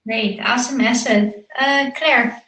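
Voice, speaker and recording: A woman moderates a panel discussion. Her voice is high as she briskly hands over turns. The room sounds echoey. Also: fairly even intonation, pushed and bright.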